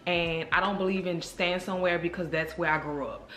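A woman vlogger telling a story to her viewers in a chatty, animated way, speaking straight to the camera. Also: fairly low pitch, brisk, slight background noise. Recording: roomy echo.

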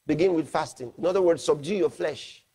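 Husky-voiced man preaching a sermon. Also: a little high, warm tone. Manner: emphatic preaching, slows to read scripture aloud. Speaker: pastor.

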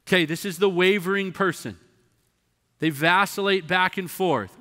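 A man's voice: high voice, moderate pace, pushed and bright. A man preaching a sermon in a church, emphatic and conversational, acting out the voices of the people he describes. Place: church sanctuary. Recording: long reverb of a church hall.

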